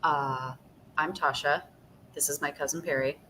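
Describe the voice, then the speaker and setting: A woman's voice: deep voice, fairly even intonation, pushed and bright, a little hiss or hum. A woman playing a tabletop game in a playful, casual way. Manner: playful, quick to laugh. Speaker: player.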